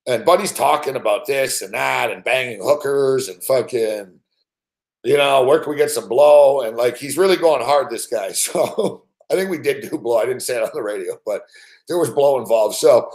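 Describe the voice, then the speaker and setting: A man's voice: mid-range voice, normal speed, a little mellow. A man hosting a show, telling a long story in a rambling, profane way with frequent laughs and heavy swearing. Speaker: show host.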